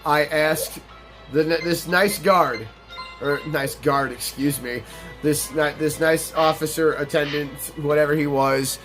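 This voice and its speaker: A man's voice: fairly high pitch, steady tone, slow pace, a bit bright, soft background music. A young man casually commenting on a farming game while telling a rambling, profane story. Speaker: gaming channel host.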